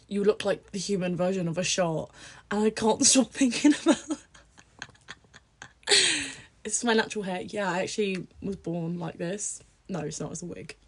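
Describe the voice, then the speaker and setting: A woman's voice: medium pitch, darkish tone, breathy edge. A young woman livestreaming, chatting casually with viewers, blunt and crude and laughing often.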